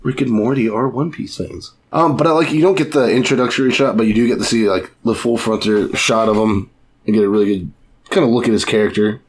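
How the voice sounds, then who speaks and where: A man's voice: on the low side, fast, slightly rough. A man in casual podcast chat, talking loosely with frequent swearing and trailing thoughts. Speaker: co-host, first-time reader.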